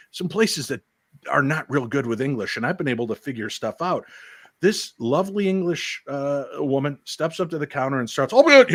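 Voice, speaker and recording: An American man tells stories with lively, joking energy. His voice has a bright, forceful edge and sounds dry and close. He talks casually over a video call. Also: medium pitch, dry recording. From United States. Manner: animated storyteller, jokes and does voices. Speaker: paranormal podcast host and guest.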